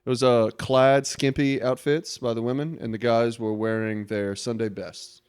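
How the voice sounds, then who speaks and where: A man's voice: mid-range voice, level tone, moderate pace, darkish tone, smooth. A young man co-hosting a podcast, a playful storyteller in casual chat. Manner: playful storyteller, breaks into mock voices. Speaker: podcast co-host.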